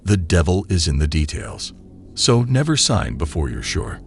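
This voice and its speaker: Deep, dramatic male narrator. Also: sing-song, moderate pace, faint music behind. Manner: dramatic, teasing commentary. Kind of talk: scripted narration.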